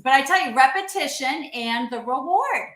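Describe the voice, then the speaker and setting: A woman co-hosting a casual panel chat, telling stories in an animated way with frequent laughs. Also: high voice, moderate pace, reverberant, crowd noise. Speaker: podcast co-host.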